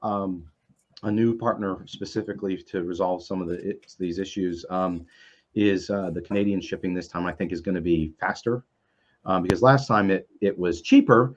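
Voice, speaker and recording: A man's voice: low voice, moderate pace, a little hiss or hum. Sex: man. Role: publisher guest on a stream panel. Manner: hesitant, restarts often. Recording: dull lo-fi video call audio. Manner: hesitant, many fillers, self-interrupting. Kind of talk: casual panel chat on a livestream.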